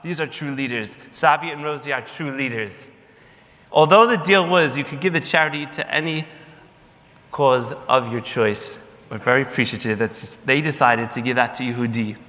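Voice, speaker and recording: On stage at a gala in a large banquet hall, a man speaking for the organization tells a lively story, acting out the voices of the people in it. His mid-range voice is bright and ringing at a moderate pace, and a long hall reverb trails each phrase.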